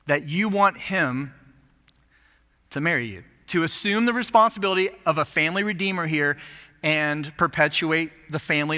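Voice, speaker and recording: A man preaching as lead pastor, telling a story in an animated, self-mocking way. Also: high voice. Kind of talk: storytelling sermon. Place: church auditorium. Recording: long hall reverb.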